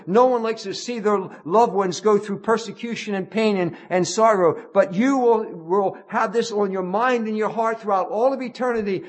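A man preaching a sermon in an auditorium, earnest and pleading, often repeating and restarting his words. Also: sits high.

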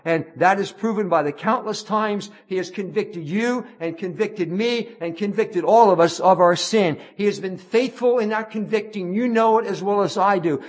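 A man preaching a sermon in an auditorium, earnest and pleading, often repeating and restarting his words. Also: sits high.

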